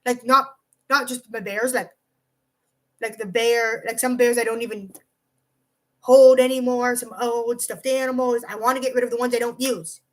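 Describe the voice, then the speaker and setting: A woman vlogger with a fairly high voice speaks at normal speed over poor audio. She delivers a profane, meandering storytime full of "like," animatedly veering into side tangents.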